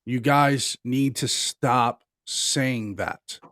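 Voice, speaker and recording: A man's voice: mid-range voice, drawn-out words, fairly bright tone, no room sound, studio quality. A man co-hosting a casual political podcast, talking emphatically and repeating himself for stress. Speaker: podcast co-host.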